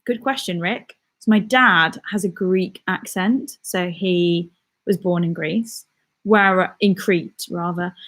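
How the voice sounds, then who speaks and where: A woman's voice: fairly low pitch, slow, a bit bright. A young woman with a mixed West Midlands and southern English accent, chatting casually as she answers viewer comments on a live stream and laughs often. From West Midlands, England. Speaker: YouTuber and comedian.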